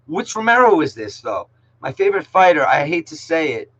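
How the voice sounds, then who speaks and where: This middle school English teacher's voice is fairly high and fairly bright, captured in lo-fi sound. Leading an online class, he jokes around casually, talks in slang, says "yo" a lot and addresses students by name.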